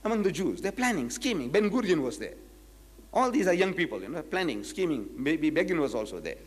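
A man's voice: a little high, big pitch swings, fairly quick, husky, big-room sound. Emphatic man lecturing. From South Africa. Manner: emphatic, rhetorical questions, acts out quoted speakers. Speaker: Islamic lecturer. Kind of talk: public lecture, reading quotes from a book.

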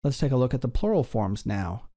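A man's voice: mid-range voice, big pitch swings, mellow. Patient male Greek grammar teacher. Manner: patient, explanatory, slows to sound out forms. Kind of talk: recorded grammar lesson.

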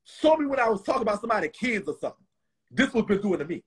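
A man hosting a casual live stream, a little drunk, talking in a profane, rambling, animated way, with a rough, hoarse voice and a Southern US accent. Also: sits high, rapid-fire. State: tipsy. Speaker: host.

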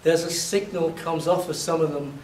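A man from England lectures a class, his somewhat raised voice slightly hoarse as he acts out his examples with lively storytelling. He is picked up from a distance in a reverberant hall, with a faint hum of room noise underneath. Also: a little high, normal speed. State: voice a little hoarse. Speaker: university lecturer.

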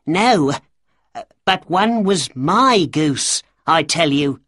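A man's voice: sits high, expressive, slow, a bit bright, dry recording, studio quality, pitched above the performer's own voice, exaggerated voice. A man voicing a weak, frightened little man who pleads anxiously, in a storybook reading. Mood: pleading.

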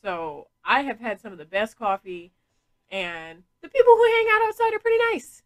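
A woman's voice: on the high side, very animated, moderate pace, a bit bright, poor audio. A woman hosting a casual podcast, chatty and frank, laughing often and swearing freely. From New England. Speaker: podcast host.

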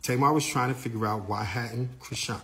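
A man working as a tour manager, retelling events in a casual, animated way and quoting the people involved. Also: mid-range voice, normal speed. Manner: animated storytelling, quoting others.

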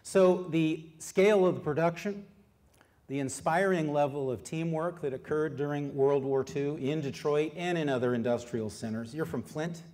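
Speaking in a fairly high voice, a middle-aged man gives a public history talk as an author. He keeps it lively and conversational, poses questions to engage the audience, and frequently pauses with fillers.

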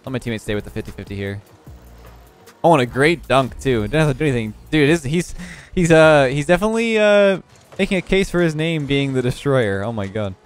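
A man's voice: medium pitch, brisk, soft background music. Sleepy man commentating his gameplay. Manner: relaxed, analytical, repeatedly yawning. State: sleepy, just woke up. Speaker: gaming YouTuber commentating his own match.

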